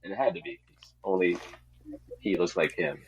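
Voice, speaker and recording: Man, podcast co-host, very low voice, raspy, muffled lo-fi audio. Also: moderate pace, darkish tone. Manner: laid-back, swears casually. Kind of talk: casual chat.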